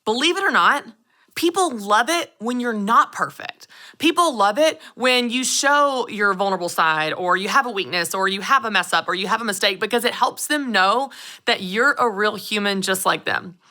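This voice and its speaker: A woman, hosting her own show and telling stories in a lively way. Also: medium pitch, moderate pace. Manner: animated storytelling, acts out voices. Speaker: show host. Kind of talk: upbeat solo podcast talk.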